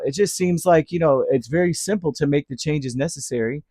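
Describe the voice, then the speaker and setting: A man giving a casual tarot reading, chatty and animated, full of fillers and restarts. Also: fairly high pitch, quick pace, no echo, clean studio sound. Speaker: tarot reader.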